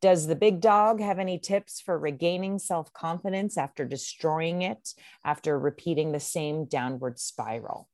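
Woman, podcast co-host, deep voice, agreeable and giggly, dry close sound. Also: normal speed, few pauses, a little mellow, no room sound. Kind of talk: casual podcast chat.

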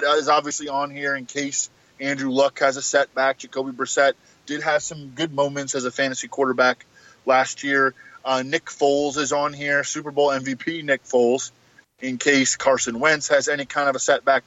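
A man giving fantasy football analysis on a podcast, measured and full of filler words. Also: medium pitch, little pitch movement, sharp tone, dry recording, highs cut off.

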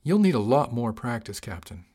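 A man's voice: medium pitch, sing-song, moderate pace, mellow, husky. A man reading an audiobook, voicing a wry male helmsman who speaks bluntly and with dry cheek. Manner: blunt, dry, lightly insolent. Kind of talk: audiobook character voice.

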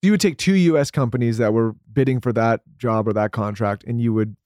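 A man hosting a podcast, asking quick follow-up questions and summing up what the guest says. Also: medium pitch, darkish tone, dry recording, clean studio sound. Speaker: podcast host. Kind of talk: casual interview.

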